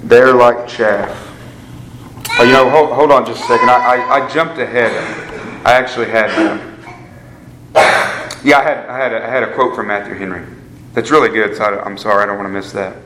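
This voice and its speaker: A man's voice: mid-range voice, steady tone, brisk, long pauses, heavy background noise. A man preaching a sermon to a live group in an earnest way, repeating phrases for emphasis and calling his listeners guys. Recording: echoey room with faint ambience.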